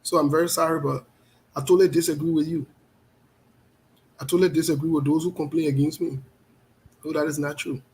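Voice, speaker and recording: A man's voice: on the high side, flat delivery, brisk, pauses often, slight background noise, rough recording. Passionate man hosting a talk show. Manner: passionate, forceful, blunt. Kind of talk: live online talk show, greeting viewers.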